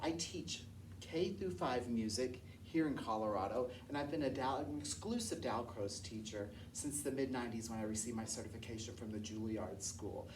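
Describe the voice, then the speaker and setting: A woman's voice: a bass voice, moderate pace, a little mellow, a little hiss or hum. A woman who teaches elementary music, leading a movement lesson and singing scale notes and counts aloud. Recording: echoey room heard from a distance.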